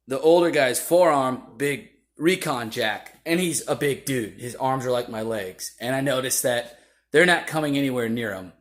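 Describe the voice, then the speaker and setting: A man tells a story in an easy, casual way, middle-pitched and plain. He gets animated as he goes and acts out other people's lines. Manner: animated, acts out shouting voices in quotes.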